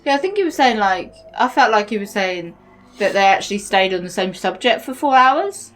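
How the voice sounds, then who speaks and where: A woman co-hosting a reaction video, chiming in with short agreements and quick recaps. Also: mid-range voice, lively intonation, a bit bright. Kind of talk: casual reaction chat.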